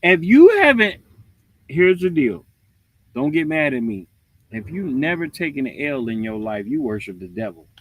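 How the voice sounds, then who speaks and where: Animated preachy man ranting. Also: a little high, moderate pace, a little hiss or hum. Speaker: livestream host. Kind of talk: casual preachy rant.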